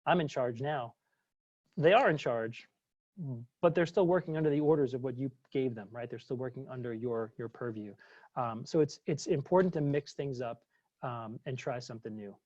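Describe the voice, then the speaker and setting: A man's voice: medium pitch, moderate pace, a little mellow, no room sound, muffled recording. A man, a former psychologist, presenting a webinar and answering questions in a chatty way, full of fillers and restarts.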